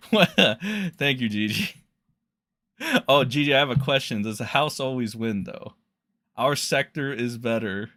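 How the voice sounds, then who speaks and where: A man's voice: mid-range voice, lively intonation, a little slow, a bit bright. A young man hosting a livestream, rambling and mocking in crude, profane commentary full of fillers.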